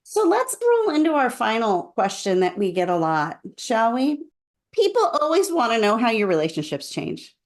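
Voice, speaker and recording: A woman's voice: a little high, wildly swooping pitch, normal speed. A woman co-hosting a podcast, talking in a casual, thoughtful and advising way. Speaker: podcast co-host. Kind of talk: casual conversational podcast talk.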